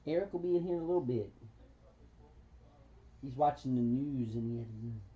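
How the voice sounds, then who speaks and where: A woman chatting fondly with her pet bird at home, cooing pet names and laughing softly. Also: rumbling low, lively intonation, brisk. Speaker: pet bird owner on a livestream. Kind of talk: casual chat with a pet. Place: indoors at home. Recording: dull lo-fi home livestream audio.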